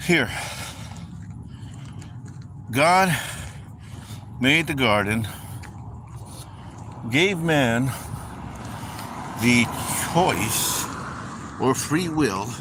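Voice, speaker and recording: Slow, animated male preacher. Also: medium pitch. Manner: conversational, repeats phrases, addresses listeners as folks. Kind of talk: informal sermon. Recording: steady background noise.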